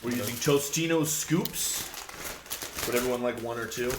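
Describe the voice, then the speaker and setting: A man's voice: mid-range voice, normal speed. A young man hosts a casual podcast in an ordinary middle voice. He chats loosely and laughs easily. There is a faint hiss of noise behind him. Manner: chatty, laughs often, reads labels aloud. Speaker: podcast host. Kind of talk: casual chat.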